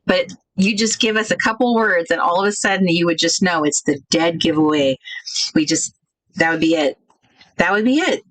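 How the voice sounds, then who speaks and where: A woman hosting a casual craft livestream, thinking out loud and chatting with viewers about their comments. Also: fairly low pitch, normal speed, no room sound, rough recording. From United States.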